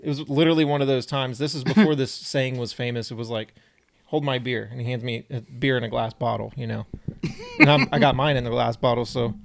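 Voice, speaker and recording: A man's voice: mid-range voice, fairly even intonation, fast, creaky. A young man co-hosting a podcast, telling a story in a laid-back, easygoing way. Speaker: podcast co-host. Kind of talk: casual storytelling chat.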